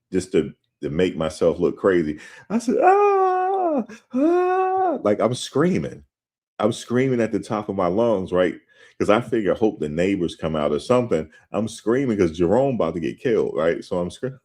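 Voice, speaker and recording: A man with a very deep voice tells a story in a loose, conversational way. He talks straight to his listeners and gets animated as he goes, like a host chatting to his audience. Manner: animated, conversational, addresses listeners directly as "guys". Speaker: show host. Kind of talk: casual spoken storytelling and commentary.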